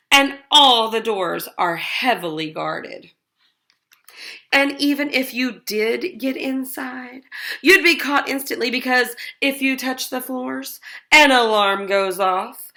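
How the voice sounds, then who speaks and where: An excitable male wolf, quick to rally his gang in a storybook, as a woman reads him aloud. The voice sits high and swings all over its range. It has a bright, forceful edge. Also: exaggerated voice. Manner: excitable, pushy.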